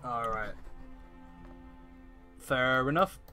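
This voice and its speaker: A young man narrating as game master of a tabletop game, hesitant and full of pauses while he checks the rules. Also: mid-range voice, bright, forceful tone, faint music behind.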